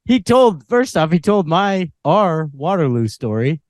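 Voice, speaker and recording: A man's voice: on the high side, big pitch swings, a little slow, a little mellow, no room sound. A young man co-hosting a casual late-night podcast, laughing a lot and teasing his friend dryly. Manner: laughing often, dry teasing. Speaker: podcast co-host.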